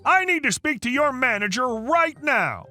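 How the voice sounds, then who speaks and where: Man doing an entitled middle-aged woman shopper, shrill and raised in pitch, indignant, demanding, very lively. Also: normal speed, faint music behind, heavily acted.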